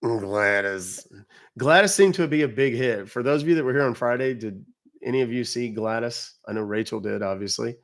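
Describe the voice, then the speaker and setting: A man's voice: mid-range voice, moderate pace. A man from the United States hosting a casual livestream, chatty and blunt as he answers viewers' chat comments. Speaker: livestream host.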